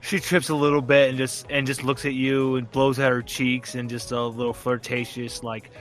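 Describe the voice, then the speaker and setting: A man's voice: mid-range voice, level tone, normal speed, faint music behind. A man narrating as game master in a casual, rambling way, swearing and laughing often.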